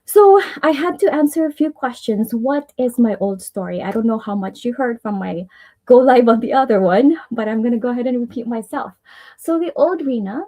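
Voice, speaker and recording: Filipino-accented lady chatting on a live stream, kinda high but warm mellow voice, earnest, rambles a bit. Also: lively intonation, normal speed, poor audio. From Philippines. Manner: chatty and earnest, sharing personal affirmations; rambling, with restarts and small laughs. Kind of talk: casual live-stream talk.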